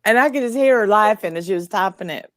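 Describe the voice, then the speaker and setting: A woman's voice: mid-range voice, animated, fast talker, no echo, clean studio sound. A woman in a casual livestream chat who jokes wryly and grumbles about her complaints. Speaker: co-host of a livestream chat show.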